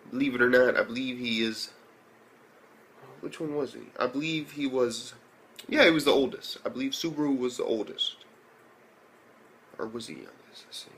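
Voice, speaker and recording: An excitable young anime reviewer gives a casual recap and review of an episode, rambling loosely and swearing freely. His voice stays mid-pitched, though he jumps into high reactions, and he piles on filler words.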